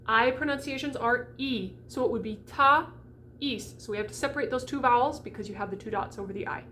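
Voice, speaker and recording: A chatty woman teaching diction to singers, her voice sitting a little high. She keeps checking in with the listener, and a faint hum of room noise runs underneath. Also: fast talker, a bit bright. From United States. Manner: chatty, often checks in with "okay?". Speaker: voice coach. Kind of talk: diction lesson to camera.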